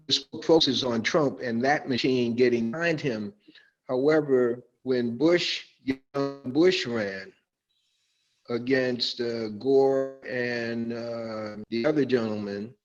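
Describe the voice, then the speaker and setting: A male interview host who talks slowly and deliberately, pausing and hedging as he builds up his questions. The audio is muffled and lo-fi. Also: medium pitch. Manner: slow, deliberate, hesitant with fillers. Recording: dull lo-fi audio.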